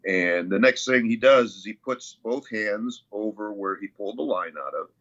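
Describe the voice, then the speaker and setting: Casual male guest, bright forceful tone, rambling storyteller, muffled lo-fi audio. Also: fairly low pitch, normal speed. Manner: rambling, many fillers and restarts. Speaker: interview guest, CrossFit athlete.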